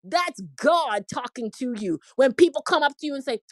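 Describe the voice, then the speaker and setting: A high-pitched woman in her forties shares an emotional faith testimony, earnest and a little preachy. She slips into acted voices when she quotes others. Her voice sounds dry and close. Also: expressive, moderate pace, dry recording. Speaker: inspirational speaker.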